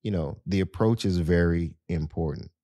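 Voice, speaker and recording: A man's voice: sits low, moderate pace, mellow, no room sound, clean studio sound. A man hosting a podcast, talking casually and earnestly to his listeners with lots of "you know". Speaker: podcast host. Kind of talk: casual advice talk to listeners.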